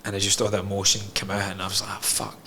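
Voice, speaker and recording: A man's voice: on the low side, completely flat delivery, rapid-fire, sharp tone, a little hiss or hum. A man, a podcast guest telling his own story candidly, frank and emotional, swearing freely.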